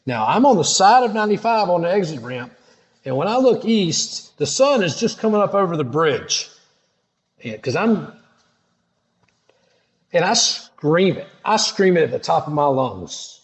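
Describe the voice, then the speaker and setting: A middle-aged man tells his testimony in loose, slangy everyday talk. His voice sits a little high and swings widely up and down as he dramatizes each moment. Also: unhurried, long pauses. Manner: animated, dramatic, casual slangy speech. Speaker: storyteller sharing a testimony. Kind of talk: personal testimony storytelling.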